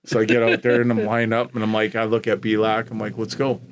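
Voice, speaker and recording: A man's voice: on the low side, monotone, quick pace. A man from Canada, a former hockey enforcer, telling fight stories as a podcast guest, swearing constantly and laughing through them. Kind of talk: casual storytelling, profane.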